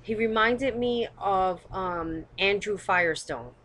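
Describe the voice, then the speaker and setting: A woman's voice: mid-range voice, takes it slowly, a bit bright. A woman giving casual, opinionated commentary as host of her own live stream. She talks bluntly, swears, and rambles with lots of hedging, recorded on a webcam. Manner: blunt and rambling, swears, hedges with "I don't know".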